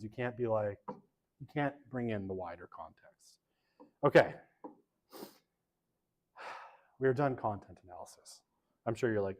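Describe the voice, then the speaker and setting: A male university lecturer talking a class through the material in a loose, conversational way. He keeps checking in with his students and jokes at his own expense. His pitch sits at an ordinary middle range for a man, and the sound is a plain classroom lecture recording. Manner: chatty, self-deprecating, fills with "right?" and "okay".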